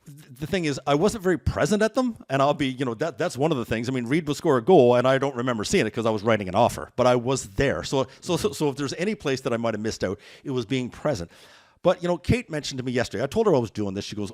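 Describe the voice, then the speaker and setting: A man telling stories as a guest in a podcast interview, energetic and rambling. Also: medium pitch, fast talker. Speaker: guest realtor.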